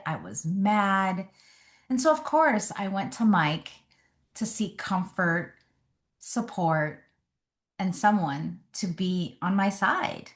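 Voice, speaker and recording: A woman relationship coach giving advice straight to the camera, in a measured, deliberate way with emphatic pauses. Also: medium pitch.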